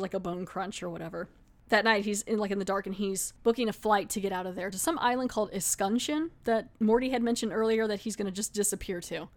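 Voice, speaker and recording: A woman podcast host giving a casual, chatty recap of a TV episode, laughing now and then and slipping into quick acted asides. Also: mid-range voice.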